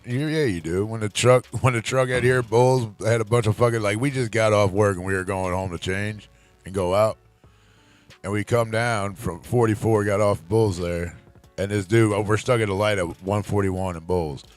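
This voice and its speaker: Profane, animated man telling a story. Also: lowish voice, moderate pace. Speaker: podcast co-host. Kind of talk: casual chat, storytelling.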